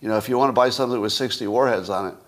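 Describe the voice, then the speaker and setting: A podcast host briefly puts on a brash, boastful politician pitching a sale. The voice stays close to the host's own, inflating every claim with hyperbole. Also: male voice, rapid-fire, natural voice. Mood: boasting. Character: boastful salesman politician, exaggerating freely.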